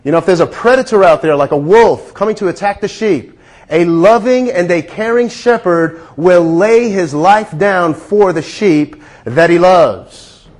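A man with a high, darkish-toned voice preaches a sermon earnestly. He has listeners repeat lines after him and slowly stretches out key words for emphasis.

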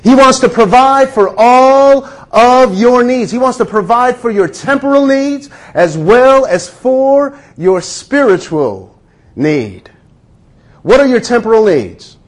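A man preaches to a congregation with a notably high voice. He draws out scripture phrases slowly and builds to emphatic calls for agreement. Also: very animated. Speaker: pastor. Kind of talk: sermon.

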